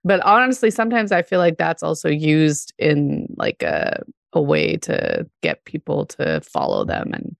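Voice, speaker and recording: Woman podcast co-host, gravelly, casual, filler-laden chat. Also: deep voice, very animated, unhurried, no echo, clean studio sound. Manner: chatty, filler-heavy, laughs often. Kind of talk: casual chat about a TV show.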